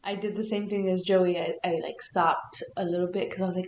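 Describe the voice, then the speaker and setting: A woman's voice: on the low side, level tone, brisk, darkish tone. Playful woman co-host in a roomy space. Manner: playful, laughs a lot, acts out her own thoughts. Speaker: podcast co-host. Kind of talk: casual chat.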